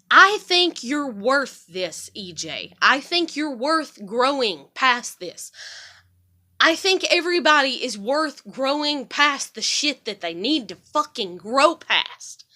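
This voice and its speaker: A high, bright-voiced woman talking straight to her camera in a heated, confrontational rant. She swears freely and pushes her voice up when she gets going. Her tone is sharp and tense throughout. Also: very animated, slow. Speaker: vlogger.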